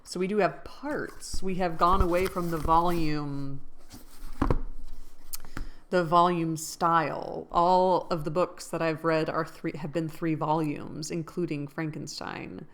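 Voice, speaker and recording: A woman's voice: low voice, steady tone, slow pace, a little hiss or hum. A woman in a casual book vlog, musing aloud, questioning herself and joking at her own expense. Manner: playful, self-deprecating. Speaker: book vlogger. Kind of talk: casual chat.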